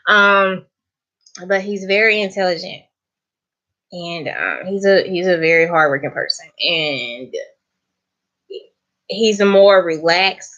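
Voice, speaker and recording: A Southern vlogger chats casually to the camera, laughing often and calling her viewers honey. Her voice is fairly low and a bit bright, and she speaks slowly with long pauses. The recording sounds muffled.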